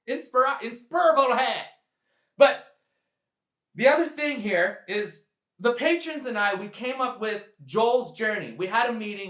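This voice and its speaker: A man's voice: high-pitched, fairly bright tone, reverberant. A man talking straight to camera on his sailing channel, earnest and heartfelt as he addresses his viewers. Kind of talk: direct-to-camera vlog talk.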